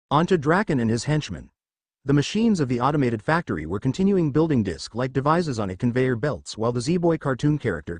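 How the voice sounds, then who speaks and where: A male narrator reads a fan fiction story aloud in a halting way, voicing its characters in his own mid-range voice. The recording is dry.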